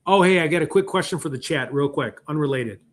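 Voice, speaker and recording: A man's voice: fairly high pitch, fast talker. A middle-aged man with a Chicago accent, rambling and joking in a casual livestream chat as host. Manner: rambling, animated, joking asides. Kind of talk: casual live-stream chat.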